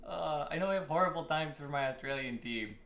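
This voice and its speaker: A man's voice: fairly high pitch, a little fast, a bit bright. A man streaming live while baking, chatting to himself and to his viewers in a casual way. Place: home kitchen. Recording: roomy kitchen with clear background noise.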